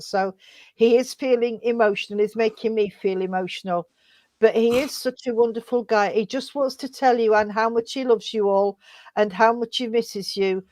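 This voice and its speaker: A woman gives a spiritualist reading in a gentle, emotional way, often calling her sitter sweetheart. Her voice sits a little high, and the sound is dry and close with almost no room echo. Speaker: spiritualist medium. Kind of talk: psychic reading, addressing a sitter.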